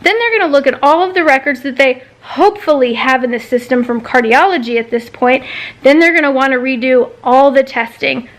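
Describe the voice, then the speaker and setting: High-voiced exasperated woman venting. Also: a little fast. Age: 30s. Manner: frustrated, exasperated retelling, swearing. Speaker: vlogger. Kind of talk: ranting personal vlog.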